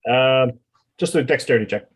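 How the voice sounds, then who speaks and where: A man running a tabletop game as its game master, narrating the action in a relaxed way with many fillers. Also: medium pitch, fairly quick, slightly rough.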